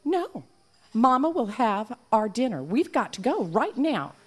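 A woman's voice: fairly high pitch, big pitch swings, unhurried, breathy edge, voice pushed up, exaggerated voice. A woman voicing a sly, scheming male rabbit in a folk tale, with a folksy drawl. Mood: insistent.

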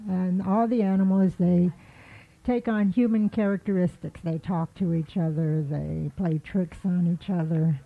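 A woman telling an animal folk tale in a relaxed, rambling storytelling manner. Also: fairly low pitch, measured pace, vocal fry. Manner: relaxed, with frequent fillers and restarts. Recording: tinny phone-like line with faint music.

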